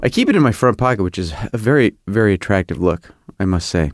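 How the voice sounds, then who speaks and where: A middle-aged man hosting a podcast, telling a comic story in a rambling, animated, self-mocking way. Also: fairly low pitch, fast talker. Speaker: podcast host. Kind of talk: comedic podcast monologue.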